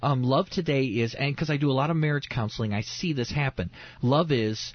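A male pastor speaks earnestly and with emphasis, circling back to the same phrases to drive them home. His voice is husky, and the recording is dry and dull, like lo-fi broadcast audio. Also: medium pitch, a little fast, hardly any pauses, no echo. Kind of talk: preaching in a radio interview.

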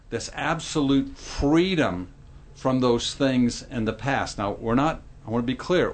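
A middle-aged man talks things through in a Christian podcast discussion. He speaks earnestly, like a pastor teaching. Now and then he acts out what someone might say. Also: medium pitch. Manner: earnest, explanatory, acts out quoted lines.

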